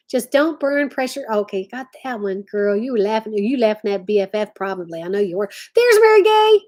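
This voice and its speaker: A woman hosting a casual craft livestream from home, chatting and reading viewer comments aloud. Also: sits high. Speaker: livestream host.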